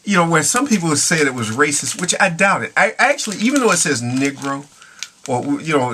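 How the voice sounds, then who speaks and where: A man's voice: a little high, sing-song, moderate pace, pushed and bright, a little hiss or hum. A middle-aged man talking casually to camera in a rambling, chuckling way, now and then slipping into Spanish phrases. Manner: rambling, chuckling, drifts between English and Spanish. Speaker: vlogger.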